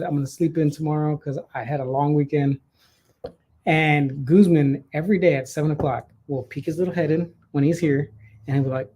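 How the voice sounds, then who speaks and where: A man co-hosting a casual podcast, his voice sitting a little high for a man. He tells stories in an animated, profane way, and his delivery is loose and conversational. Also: a little fast. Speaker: podcast co-host. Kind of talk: casual chat, storytelling.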